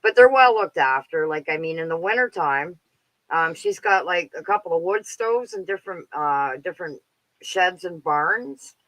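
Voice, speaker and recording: Bright Canadian man in his fifties. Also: on the high side, animated, normal speed, rough recording. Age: 50s. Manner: rambling, lots of "like" and "um" fillers. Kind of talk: casual chat.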